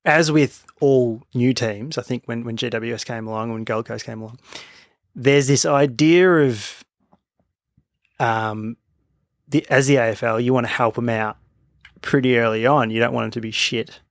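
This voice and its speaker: Dry-voiced Australian podcast host. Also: male voice, medium pitch, moderate pace, no echo. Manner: jokey, leads with questions, many fillers. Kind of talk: casual chat.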